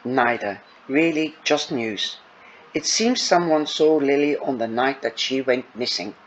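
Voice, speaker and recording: A man voicing a serious mother calmly telling her teenage daughter some news. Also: mid-range voice, a little slow, dull audio, slight background noise, natural voice.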